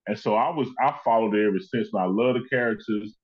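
A man's voice: on the low side, fast. A man hosting a casual chat, praising at length in loose run-on stories. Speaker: host. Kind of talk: casual conversation. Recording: slightly muffled audio.

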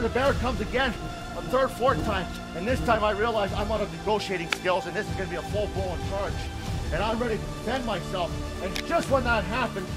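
A fairly high-pitched young man from northern Canada tells a story outdoors in the woods. He talks casually and animatedly, shouting out his own lines as he tells them. Music plays beneath his voice. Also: rough recording. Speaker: storyteller giving a tour. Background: music playing under the voice.

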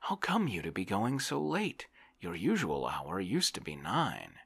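A man voicing a lazy, reflective gentleman in a whispered role-play, musing in a mildly weary way. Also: sits low, huge pitch swings, measured pace, gravelly, slightly rough, exaggerated voice.

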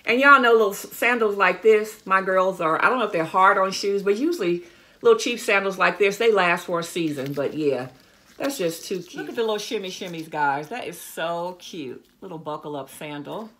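A middle-aged woman speaks at normal speed and medium pitch with a sharp tone, and there's a little hiss or hum. As a fashion vlogger, she chats enthusiastically to her viewers about a shopping haul, calling them y'all and guys.

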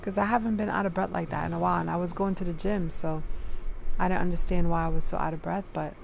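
Tired young woman vlogging, kinda low and gravelly, out of breath, lots of likes, music in the back. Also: steady tone, fast talker, very noisy. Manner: soft, tired, filler-heavy talk. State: drained and out of breath. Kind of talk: casual vlog chat. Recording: music playing behind.

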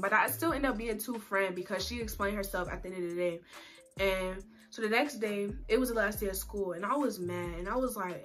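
A young woman, telling a long story in a rambling, animated way full of slang. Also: mid-range voice, fairly quick, faint music behind. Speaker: storytime vlogger. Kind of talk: casual storytelling.

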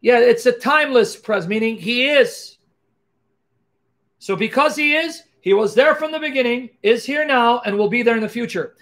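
A man giving an animated apologetics teaching, emphatic and full of rhetorical questions, punctuating points with exclamations. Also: very high voice, moderate pace. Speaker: Christian apologist.

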